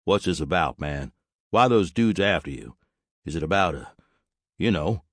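A man plays a jittery male burger-shack owner, worried and pleading, raising his voice as he frets. The voice sits a bit above the narrator's own, with lively swings in pitch. The audiobook recording is dry. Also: normal speed, no echo. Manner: flustered, pleading.

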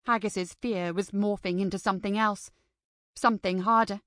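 A woman reading an audiobook in steady scripted narration. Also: medium pitch, moderate pace, dry recording, studio quality. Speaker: audiobook reader.

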